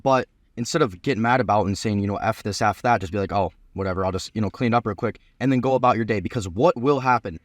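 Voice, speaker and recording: A man co-hosting a casual chat, quickly agreeing and chiming in with everyday examples. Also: on the low side, dry recording, clean studio sound.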